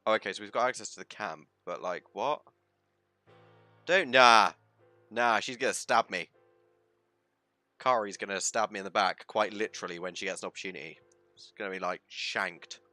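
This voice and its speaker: A man chats through a game stream, breaking into loud, dramatic outbursts. His voice is lowish yet bright and punchy, over faint game music. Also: moderate pace, pauses often, no echo. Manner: theatrical, swings into loud outbursts. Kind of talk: casual live game commentary.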